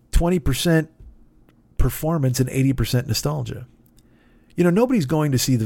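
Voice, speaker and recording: A man talking off the cuff as a podcast host, swearing freely and circling back on his own sentences. His voice sits at an ordinary middle pitch. The sound is close and dry, with no room around it. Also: a little mellow, no room sound. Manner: profane, rambling, self-interrupting. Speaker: comedian. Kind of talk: casual monologue.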